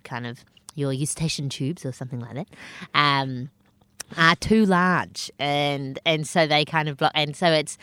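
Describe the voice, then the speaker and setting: A young woman comedian with a squeaky, nasal voice, chatting casually and self-deprecatingly in an interview, laughing often. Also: fairly bright tone, smooth, dry recording. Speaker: comedian guest.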